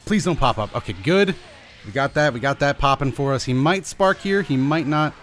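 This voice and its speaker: A young man giving live commentary over his own fighting-game match, anxious and pleading with himself, his pitch jumping up and down. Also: animated, normal speed, fairly bright tone, a little hiss or hum. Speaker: gaming channel host. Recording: faint music behind.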